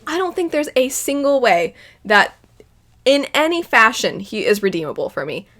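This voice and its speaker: A young woman with a bright, clear voice talks casually as an anime reaction host. Her delivery is animated, and she breaks into loud, exasperated outbursts as she reacts. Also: a little high, normal speed. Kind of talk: casual spoken commentary.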